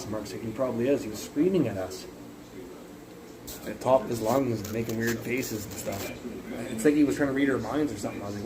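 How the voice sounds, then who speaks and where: A man's voice: mid-range voice, brisk, a crowd in the background, low-quality recording. A man livestreaming from his phone, ranting in a rambling, profane, casual way. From Canada.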